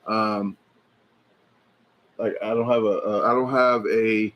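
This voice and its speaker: A man hosting a casual livestream, rambling and chatty as he reads viewer comments aloud, filling pauses with lots of fillers and restarts. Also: fairly low pitch, flat delivery, muffled recording. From United States. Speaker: livestream host. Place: indoors at a hobby shop.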